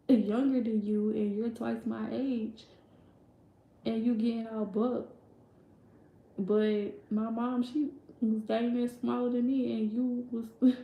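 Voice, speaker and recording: A woman's voice: on the high side, vocal fry, warm tone. A young woman telling a personal story in a casual, rambling way, full of fillers and quoted voices. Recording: echoey room.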